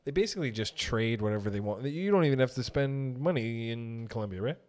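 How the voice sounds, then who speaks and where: A man's voice: medium pitch, expressive, brisk, darkish tone. A man hosting a casual podcast, teasing his friend playfully and laughing often. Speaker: podcast host. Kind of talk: casual chat.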